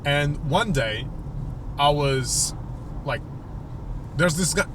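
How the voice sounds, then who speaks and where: A man's voice: on the high side, expressive, takes it slowly, background noise. A young man telling a rambling, profane, exasperated story on a comedy podcast. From Portugal. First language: Portuguese. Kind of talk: casual storytelling rant.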